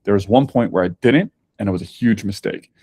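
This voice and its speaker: A man's voice: fairly low pitch, brisk, warm tone, husky, dry recording, studio quality. A man talking as a podcast guest, candid and chatty as he tells his story. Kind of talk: casual conversation.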